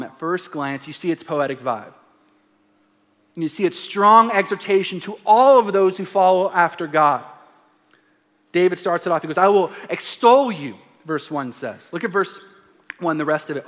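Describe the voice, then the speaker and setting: A man's voice: high-pitched, a bit bright. A man in his thirties preaching a sermon, reading scripture aloud with emphasis and adding playful asides. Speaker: pastor. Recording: long hall reverb.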